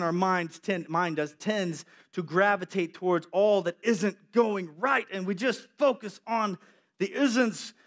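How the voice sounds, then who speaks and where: A young man preaching a sermon as a youth pastor, animated and acting out quotes and voices. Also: on the high side.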